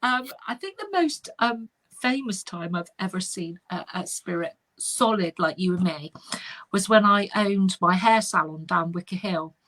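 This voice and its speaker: A middle-aged woman, a spiritual medium telling an animated story in casual chat. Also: fairly low pitch, unhurried. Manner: animated anecdotal, chatty with fillers.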